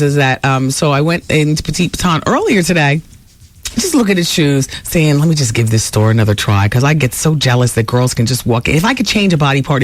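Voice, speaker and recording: A woman hosting a radio talk show, chatting in a brassy, theatrical way that swoops high when she gets excited. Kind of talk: casual radio gossip chat.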